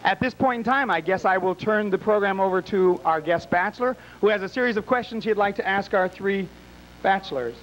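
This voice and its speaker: A man's voice: high voice, a little fast, a bit bright, slight background noise, low-quality recording. A man emceeing a live game show in a small bar, teasing and wisecracking with the contestants and the crowd.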